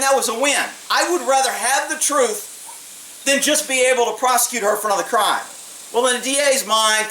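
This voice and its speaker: Blunt ex-cop man, bright voice. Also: sits high. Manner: blunt, streetwise, swears freely. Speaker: former police officer. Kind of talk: casual storytelling. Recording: echoey room, mic at a distance, faint hiss.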